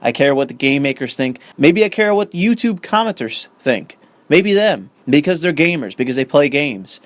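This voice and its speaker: A man's voice: on the high side, sing-song, normal speed, no room sound. A young man ranting in commentary, profane and sarcastic, reading an article aloud and arguing with it. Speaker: commentary host.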